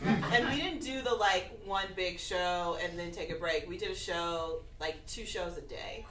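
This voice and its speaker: A woman's voice: fairly low pitch, a little slow. A female comedian telling a blunt, exasperated story on stage. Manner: blunt, exasperated, bursts of laughter. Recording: echoey club from far off, noisy.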